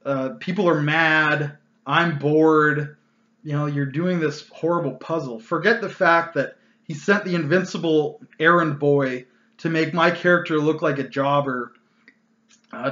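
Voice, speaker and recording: A man rants about a past tabletop game in a casual, exasperated way, his voice bright and fairly high. He is recorded in a roomy, echoey space. The sound is a little dull and lo-fi. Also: steady tone, a little slow. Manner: ranting, exasperated, loose with fillers. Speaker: channel host telling a gaming story. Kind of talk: casual storytelling vlog.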